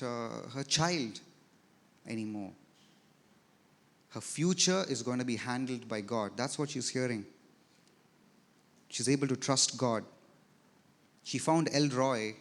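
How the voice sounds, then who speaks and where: A man preaching a sermon as pastor, telling a story and swelling then dropping his voice for emphasis, in a church sanctuary. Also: medium pitch. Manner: storytelling preacher, rises and drops in loudness for emphasis.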